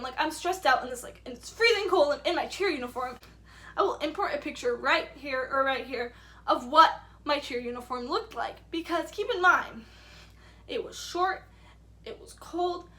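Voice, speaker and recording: A woman's voice: sits high, normal speed, a bit bright. A young woman vlogger telling a story casually, rambling with lots of "like" and acting out the quotes. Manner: rambling, says "like" a lot, acts out quotes.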